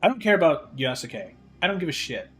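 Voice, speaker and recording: A man chatting casually on a live stream while he plays. He rants in an exasperated, profane way, and his voice sits a little higher than most men's. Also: big pitch swings, a little fast, a bit bright, faint music behind. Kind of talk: casual livestream chat while gaming.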